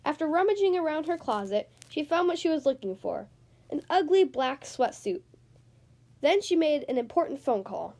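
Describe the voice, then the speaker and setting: A woman reading a children's picture book aloud with expressive, animated storytelling. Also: sits high, normal speed. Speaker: storybook reader.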